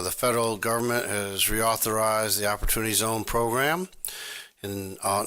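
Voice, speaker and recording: A county manager briefs the council in a formal, measured way, often pausing with "uh". His voice is low-pitched yet bright and forceful. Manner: measured, many "uh" pauses.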